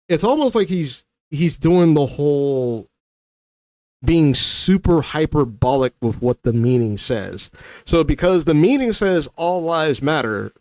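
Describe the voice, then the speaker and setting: A man's voice: mid-range voice, darkish tone, dry recording. A man giving a heated, argumentative commentary rant, often repeating himself as he rebuts a critic. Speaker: commentary creator. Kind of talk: ranting commentary to camera.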